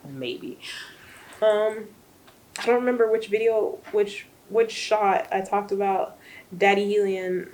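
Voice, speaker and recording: Here the young woman takes it slowly, her medium-pitched voice a little mellow, though the recording is low quality. She's a book vlogger doing a chatty, rambling recap with plenty of fillers and asides.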